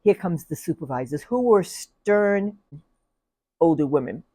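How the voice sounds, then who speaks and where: An older woman with a low, mellow voice tells her stories casually into a close, dry mic. She is chatty and laughs often as she tells them, acting out the people she met. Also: expressive, a little slow, slightly rough, dry recording. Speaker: retired telephone operator telling stories. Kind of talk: casual personal storytelling.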